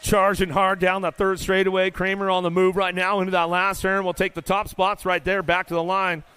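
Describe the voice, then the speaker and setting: A man announcing live BMX races in an indoor arena, rattling off riders' names in rapid play-by-play with casual, folksy banter. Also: high-pitched, little pitch movement, bright, forceful tone, smooth, dry recording. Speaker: race announcer. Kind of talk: live BMX race commentary.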